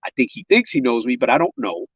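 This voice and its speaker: A man's voice: mid-range voice, very animated, fast, fairly bright tone, slightly rough, no echo. A man, a guest on a podcast, telling his own story of survival in vivid detail and acting out what others said, in casual spoken grammar. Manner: vivid storyteller, acts out other people's words. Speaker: guest, gun violence survivor. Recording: dull, lo-fi sound.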